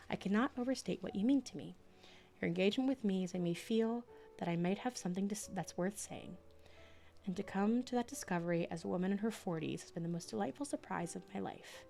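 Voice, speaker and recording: Soft-spoken woman streamer reading aloud. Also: mid-range voice, gravelly. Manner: soft-spoken, slipping into whispers; chatty and halting between readings, with fillers. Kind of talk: soft ASMR-style reading and stream chat.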